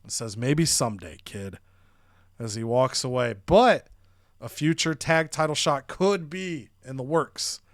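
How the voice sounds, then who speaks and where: A man's voice: on the high side, unhurried, dry recording, studio quality. A man hosting a gaming channel, narrating the story of his wrestling game and acting out the characters. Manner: animated, acts out characters' lines.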